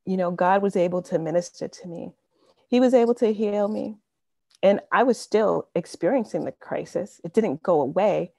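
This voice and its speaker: An earnest woman in her fifties shares a personal faith testimony over a video call, her voice low, warm and gravelly. She talks conversationally with a lot of "you know", and the sound is close and dry. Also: no room sound. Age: 50s. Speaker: speaker sharing a testimony.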